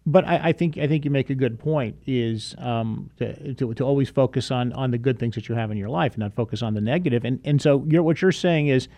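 Talk show host, man, mid-pitched, dry studio sound, halting and affirming. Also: dark tone, dry recording. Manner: halting, restarts often, affirming. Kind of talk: casual interview chat.

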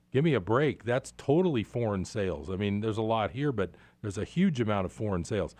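A man's voice: medium pitch, a little mellow, dry recording. Sarcastic man ranting. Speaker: radio show host. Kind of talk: opinionated market commentary.

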